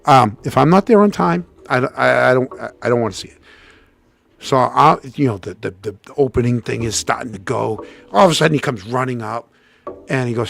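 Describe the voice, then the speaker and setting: A middle-aged man, co-hosting a casual show and telling a story animatedly, acting out what people said. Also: gravelly. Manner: animated, acts out quotes with jumps in pitch. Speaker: co-host.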